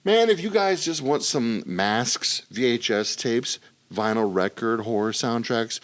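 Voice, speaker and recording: A man's voice: mid-range voice, unhurried. A man hosting a casual podcast, chatting and reading sponsor spots in an upbeat, sing-song way. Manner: upbeat, animated, sings-song ad reads. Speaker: podcast host.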